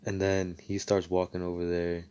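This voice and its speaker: Deep-voiced man rambling through a story. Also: monotone, normal speed, a little mellow, clear, resonant tone, dull audio. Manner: rambling, swearing, full of fillers. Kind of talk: casual fan story retelling.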